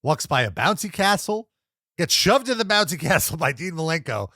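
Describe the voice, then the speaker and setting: A young man talks through a wrestling recap in a casual podcast voice, his pitch swinging up and down as he gets excited. He laughs a lot and drops into quick impressions of wrestlers and announcers. The sound is close and dry, with no room around it. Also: no room sound. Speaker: co-host reviewing wrestling episodes.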